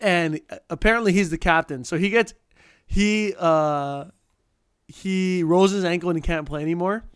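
A man's voice: high voice, moderate pace, a bit bright, clear, resonant tone, no room sound, clean studio sound. A young man co-hosting a casual chat, rambling and laughing as he tells stories.

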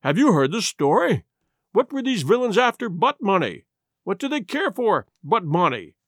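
Hot-headed old squire, played by a male narrator: loud, exclamatory, lively pitch swings. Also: moderate pace, no echo, clean studio sound, full character voice. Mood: indignant. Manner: exclamatory, blustering.

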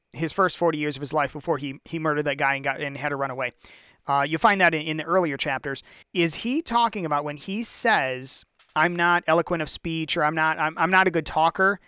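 A man muses aloud in a casual Bible discussion, asking questions and restarting his sentences. His voice is high and smooth, and the sound is close and dry. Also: pushed and bright, no echo. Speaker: co-host.

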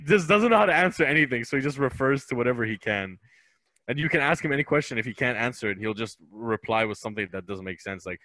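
A young man chatting casually about growing up with online videos, animated and quick to laugh. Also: mid-range voice, dry recording. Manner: animated, laughs often, slips into quick impressions. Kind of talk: casual chat about impressions.

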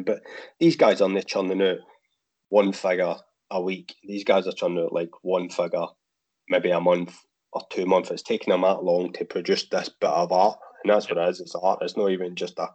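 Deep-voiced Scottish man, laid-back chat. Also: level tone, fairly quick, a little mellow, slightly rough. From Scotland. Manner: rambling, frequent restarts, laid-back. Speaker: guest, figure customizer. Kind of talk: casual podcast chat.

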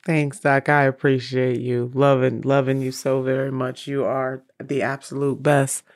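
A woman hosts a relaxed conversation. Her delivery is emphatic and affirming, and she repeats her thanks with warm conviction. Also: extremely low pitch, a little slow. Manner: affirming, emphatic, warmly grateful. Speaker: host. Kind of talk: casual interview talk.

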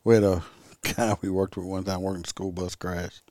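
A man telling police stories in a relaxed, casual chat. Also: low-pitched, moderate pace, dry recording.

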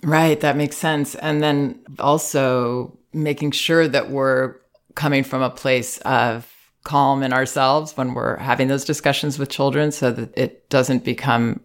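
Woman host, extremely low voice, short affirmations, follow-up questions. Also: fairly even intonation, unhurried. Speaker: podcast host. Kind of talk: interview hosting.

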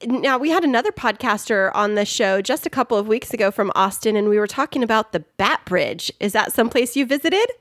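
A woman's voice: on the high side, animated, brisk, hardly any pauses, fairly bright tone, no echo. A woman co-hosting a podcast, friendly and curious in her questions. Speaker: podcast co-host. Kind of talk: casual podcast chat.

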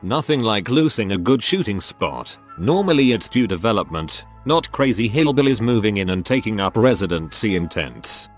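A man narrating a series of scary outdoor stories with a steady storytelling delivery. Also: lowish voice, normal speed, hardly any pauses, soft background music.

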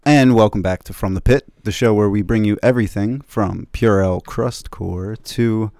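A man's voice: fairly low pitch, normal speed, noisy background. Laid-back man hosting a radio show. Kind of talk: casual radio chat. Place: radio studio.

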